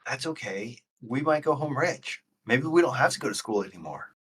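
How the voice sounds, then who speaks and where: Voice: mid-range voice, lively intonation, normal speed, fairly bright tone, far from the mic. A tabletop game player asking wry, joking questions in casual in-character talk. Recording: husky voice from off-mic.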